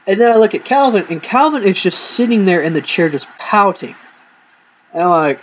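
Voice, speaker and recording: A man with a high, animated voice tells rambling, profane comic stories from his own life at a moderate pace, acting out the dialogue as he goes. The recording is low quality.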